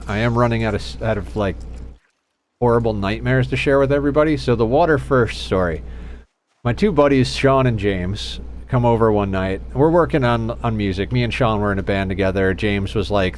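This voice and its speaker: A man's voice: on the low side, slight background noise. A man in his thirties streaming a game, telling a rambling story with lots of laughs and fillers. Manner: rambling, laughing, acts out friends' voices. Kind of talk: casual storytelling while gaming.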